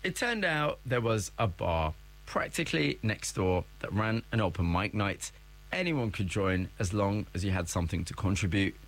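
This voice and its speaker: Low-voiced male presenter narrating. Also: animated, moderate pace, a bit bright. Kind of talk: scripted narration.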